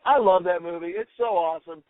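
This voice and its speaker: A man co-hosting a podcast in a casual chat, excitedly quoting lines and gushing over what he loves. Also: high voice, no room sound. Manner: excited, quick to quote lines. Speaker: podcast co-host. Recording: tinny phone-like sound, dry.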